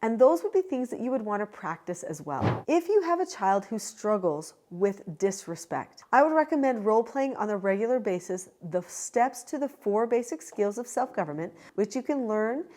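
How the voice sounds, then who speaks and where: A woman hosting her own channel, giving parenting advice in a calm, measured and directive way. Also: mid-range voice. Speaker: parenting educator and channel host. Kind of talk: direct-to-camera advice talk.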